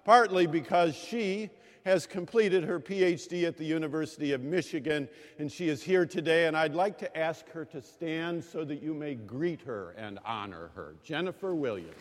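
A male pastor preaching a sermon, telling stories in a measured way with pauses and emphasis. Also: fairly high pitch. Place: large chapel. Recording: long chapel reverb.

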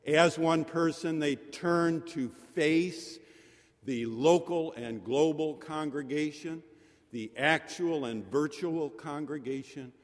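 Male preacher, raised pitch, measured delivery, long chapel reverb. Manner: slow, deliberate, repeating phrases for effect. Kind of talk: sermon. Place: chapel during worship service.

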